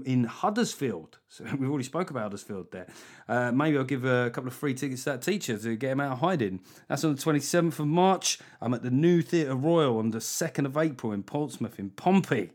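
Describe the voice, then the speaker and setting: An English man hosting his own comedy podcast in a casual, sweary way. He teases and mocks with quick asides, in a middle-pitched voice with no strain. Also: animated. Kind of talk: casual comic podcast chat.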